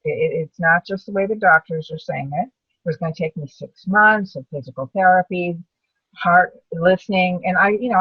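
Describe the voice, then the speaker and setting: Husky woman on a distant video call. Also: lowish voice, no echo, dull audio. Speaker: brain tumor survivor panelist. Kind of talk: personal story in a webinar.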